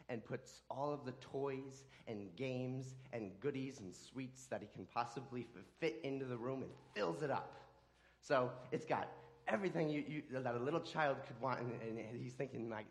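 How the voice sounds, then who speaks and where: A man preaching a sermon in a middle-pitched voice. He talks in a halting way, often repeating words and restarting his sentences as he explains a scripture passage.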